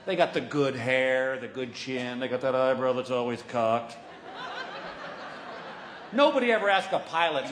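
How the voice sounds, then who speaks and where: A man's voice: medium pitch, measured pace, slight background noise. A man performing a stand-up comedy routine, telling a story in a folksy way and acting out the voices of the people in it. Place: large hall before a live audience. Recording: roomy live venue sound.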